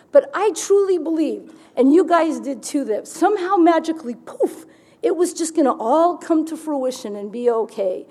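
A woman's voice: high-pitched, lively intonation, moderate pace, dark tone. A woman giving a candid personal testimony at a recovery meeting, telling her story vividly with wry humor.

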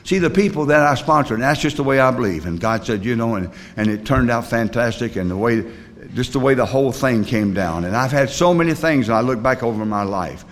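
A man's voice: medium pitch, expressive, a little fast. A man sponsoring others in recovery, telling a personal story in a folksy, rambling way, with plain rural grammar and many fillers.

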